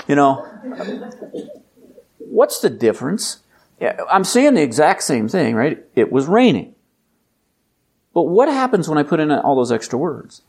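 A man preaching a sermon in a conversational, emphatic way, building up to loud, intense exhortation. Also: fairly high pitch, very animated, unhurried, pauses often, husky. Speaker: pastor.

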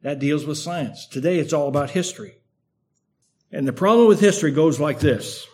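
Older preacher with a slight lisp. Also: male voice, on the high side, expressive, a little mellow. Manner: earnest, measured, emphatic repetition. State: slight lisp from a sore tongue. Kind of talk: sermon.

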